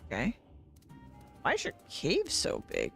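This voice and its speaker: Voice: mid-range voice, huge pitch swings, unhurried, vocal fry, fairly bright tone, soft background music. A streamer chatting casually while playing a fantasy game live, teasing the characters. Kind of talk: casual gameplay livestream.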